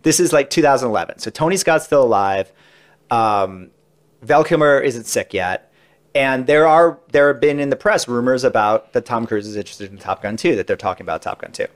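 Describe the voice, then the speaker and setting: A man speaks at medium pitch and a little fast as a guest on a podcast. He chats casually, telling long anecdotes about interviews he has done, rambling and full of asides.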